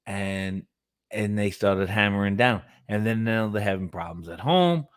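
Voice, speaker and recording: A man's voice: fairly low pitch, moderate pace. A middle-aged man on a casual live stream, telling stories with lots of swearing and mimicry of other people. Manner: animated storytelling, swears freely, mimics others. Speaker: co-host.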